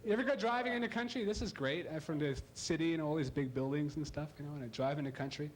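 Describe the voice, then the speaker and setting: A man from Ohio doing a stand-up comedy routine, animated and slipping into silly voices for his bits. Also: fairly high pitch, fast. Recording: live club recording with audible crowd noise.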